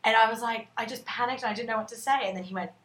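A woman, telling a dating story in casual chat, animated and swearing freely. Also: a little high, very fast. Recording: roomy echo.

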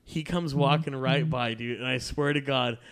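A man's voice: mid-range voice, fairly even intonation, normal speed, a bit bright, clear, resonant tone. A man telling a long, profane story to friends in a casual chat, laughing often as he goes. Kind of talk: casual anecdote among friends.

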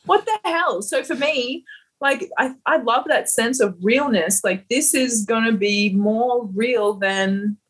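A woman with an Australian accent and a husky, slightly breathy voice, talking as a podcast guest. She tells her stories in a blunt, animated way and swears freely. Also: fairly high pitch, slow, low-quality recording. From Queensland, Australia. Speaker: guest, fighter. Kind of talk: casual podcast interview.

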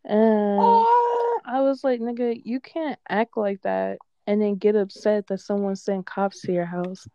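Mellow-voiced woman telling a story. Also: mid-range voice, a little slow, clear, resonant tone, no room sound, muffled recording. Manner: animated, profane storyteller quoting others. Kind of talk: casual storytelling chat.

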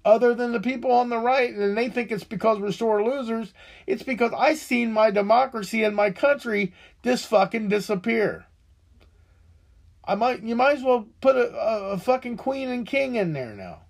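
A man's voice: extremely high pitch, moderate pace, vocal fry. A middle-aged man hosting a podcast, ranting angrily with heavy profanity, frequent restarts and a frustrated, rambling delivery. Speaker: podcast host. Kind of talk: angry political rant.

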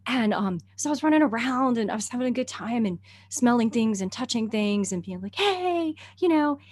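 A middle-aged woman, a herbalist and naturalist, tells a story in casual conversation, animated and chatty. She laughs often, uses plenty of fillers, and speaks fairly quickly in a slightly high voice.

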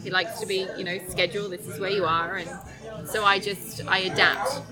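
A woman's voice: mid-range voice, steady tone, a little fast, over music, rough recording. A woman with an English accent, a documentary filmmaker chatting enthusiastically as a guest in an interview. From England. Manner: enthusiastic, laughs easily. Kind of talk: casual interview chat.

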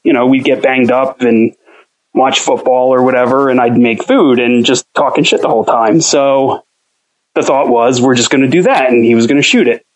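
A man's voice: mid-range voice, normal speed, poor audio. A young man casually telling a long story as an interview guest, swearing freely and acting out quoted talk. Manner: profane, rambling, animated quoting. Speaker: interview guest, home cook.

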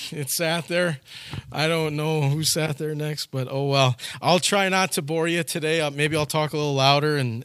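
A man's voice: a little high, a bit bright, no echo, studio quality. A male pastor preaching a sermon in a casual storytelling way, often restarting his phrases.

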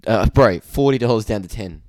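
A young man co-hosting a casual podcast, laid-back and quick to laugh, calling his friend bro. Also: fairly low pitch, darkish tone, no echo, studio quality. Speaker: podcast co-host. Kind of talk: casual chat.

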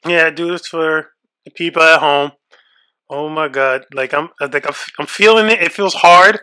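Jittery young man, bright tense voice. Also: fairly high pitch, moderate pace, clear, resonant tone. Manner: nervous, jittery, swearing freely. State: shaky and freaked out. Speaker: podcast co-host. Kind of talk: casual chat.

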